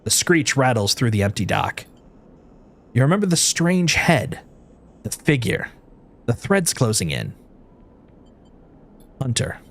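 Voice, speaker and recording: A man's voice: medium pitch, very animated, slow, vocal fry, pauses often, fairly bright tone. A man streaming a story game, reading its narration aloud with expression and breaking off for playful asides.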